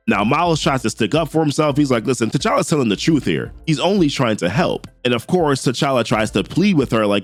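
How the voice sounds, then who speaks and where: A man casually recapping a comic book, paraphrasing characters' lines with animated asides. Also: mid-range voice, fairly quick, few pauses, no room sound, faint music behind.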